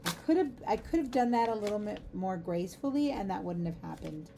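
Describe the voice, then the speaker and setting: A woman's voice: mid-range voice, lively intonation, fairly quick, vocal fry, background noise. A middle-aged woman hosting a craft livestream, chatting casually and giggling through rambling asides as she works. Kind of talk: casual chat while crafting.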